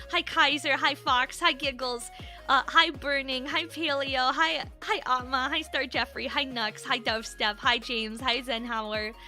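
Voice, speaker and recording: A woman's voice: high-pitched, bright, forceful tone. A woman livestreamer chatting casually with viewers, rambling with lots of "like" fillers. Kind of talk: casual chat.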